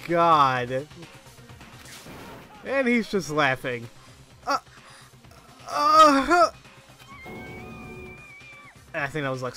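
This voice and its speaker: A man doing casual let's play commentary, excitable and prone to shouting, then rambling with restarts as he reflects. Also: a little high. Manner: excitable, breaks into shouts and laughter. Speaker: let's player.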